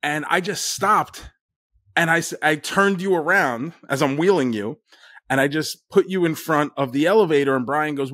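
A man's voice: a little high, moderate pace, a bit bright, no echo, clean studio sound. Laughing man telling a story. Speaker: guest. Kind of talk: casual storytelling.

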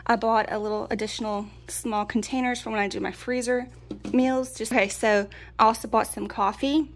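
A woman's voice: a little high, fairly even intonation, moderate pace. A woman, chatting casually through a food haul. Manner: chatty, folksy, laughs often. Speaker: prepping vlogger. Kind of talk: casual pantry haul chat.

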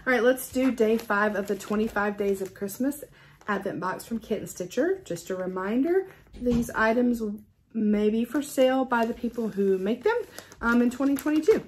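Gushing, excitable middle-aged woman. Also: on the high side, a little hiss or hum. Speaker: stitching vlogger. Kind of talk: casual unboxing chat. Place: at home with a cat.

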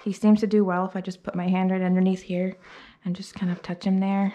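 A woman's voice: medium pitch, flat delivery, fairly quick, mellow, highs cut off. Woman, dog groomer, casual chatty vlog, baby talk to the dog, clippers buzzing behind. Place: grooming room with dryer and clippers running. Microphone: camera mic set up in the room. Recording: clipper and dryer noise behind the voice. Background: hair dryer and electric clippers.

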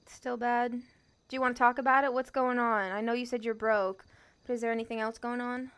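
A young woman in casual role-play chat, gently asking questions like a counselor. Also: fairly high pitch, level tone, fairly quick, smooth, no room sound. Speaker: streamer playing a role-play character.

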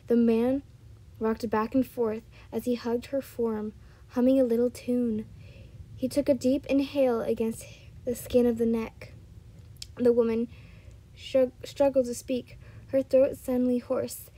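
Breathy woman reading a story aloud. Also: on the high side, little pitch movement, unhurried, warm tone, poor audio. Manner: stumbles and corrects herself. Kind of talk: reading fan fiction aloud.

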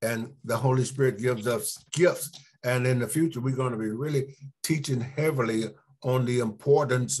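A man pastor teaching a church Sunday school class, unhurried, repeating key words for emphasis and putting questions to the class. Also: medium pitch, darkish tone, breathy edge.

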